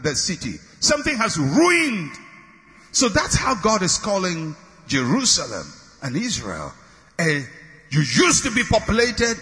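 A man preaching a sermon, leading the congregation in call-and-response with emphatic, repeated declarations that build to shouts. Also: sits high, big-room sound.

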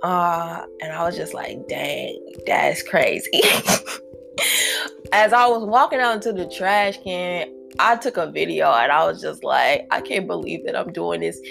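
A woman hosting her own podcast in a casual solo chat, slangy and animated, often acting out her own inner voice. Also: lowish voice, measured pace, creaky, faint music behind. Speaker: podcast host.

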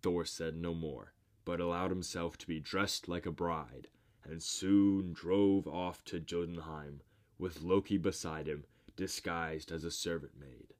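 A man narrating a myth in a measured, deliberate storybook reading. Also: sits low, fairly even intonation, a little mellow.

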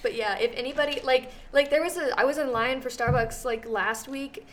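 A young woman co-hosts a podcast, telling a story in a casual chat full of fillers. Her voice is high, brisk and a bit bright, with a little hiss or hum in the recording.

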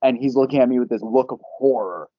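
A young man, a podcast guest, telling a casual story in an animated, profane way and laughing often. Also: medium pitch, fast talker, husky, no room sound. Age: young adult. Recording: dull, lo-fi podcast audio.

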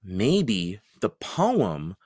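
A man hosting a read-aloud podcast, reading a children's novel in a slow, expressive storytelling manner. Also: on the low side, slightly rough, dry recording, studio quality.

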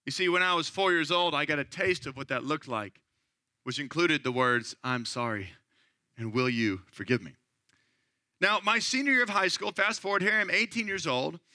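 A man in his thirties giving a sermon as a pastor, telling a personal story in a relaxed conversational way with frequent "right?" asides. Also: high-pitched, fairly quick, dry recording. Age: 30s.

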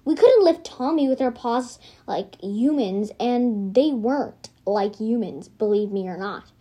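A woman with a fairly high voice reads her homemade story aloud as its narrator. She rambles into little asides and keeps correcting herself as she goes. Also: expressive, unhurried, dark tone, husky.

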